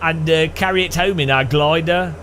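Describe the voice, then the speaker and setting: A man's voice: a little high, moderate pace, fairly bright tone, slight background noise. A man giving rambling, jokey gameplay commentary, thinking aloud. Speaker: gaming channel host.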